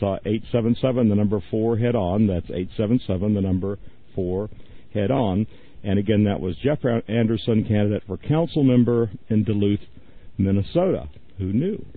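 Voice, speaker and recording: A man hosting a radio call-in talk show, rambling and gushing over his guests. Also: on the low side. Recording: dry, phone-like radio sound.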